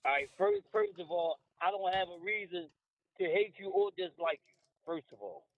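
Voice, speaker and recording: A man with a very high, lively voice calls in over a tinny phone line. He stammers and pushes back defensively, and his pitch swings up and down as he talks. The casual exchange gets heated. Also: moderate pace, creaky. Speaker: caller. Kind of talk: casual chat.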